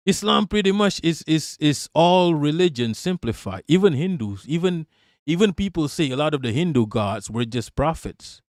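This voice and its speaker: A man's voice: on the high side, lively intonation, moderate pace, no room sound, studio quality. A man hosting a casual political livestream, talking bluntly and profanely and laughing as he reacts to chat. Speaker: livestream host.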